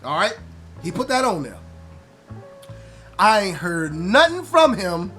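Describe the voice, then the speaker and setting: A man hosting a casual vlog, loud and teasing at times, relaxed when he explains. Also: slow, faint music behind. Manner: loud trash-talking teasing, rising high when excited. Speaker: vlogger host. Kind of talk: casual chat to the camera.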